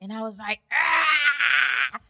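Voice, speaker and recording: A woman co-hosting a casual podcast chat, telling stories in a lively way and acting out what people said. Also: medium pitch, a little fast, heavy background noise. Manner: animated storytelling, acts out quotes. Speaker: podcast co-host.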